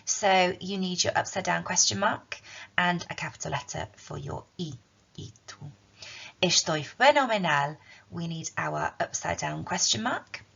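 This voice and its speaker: A woman's voice: on the low side, a little slow, vocal fry, fairly bright tone, breathy edge. A woman teaching a recorded language lesson, explaining patiently with frequent ums. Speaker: Spanish teacher. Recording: dull lo-fi recording.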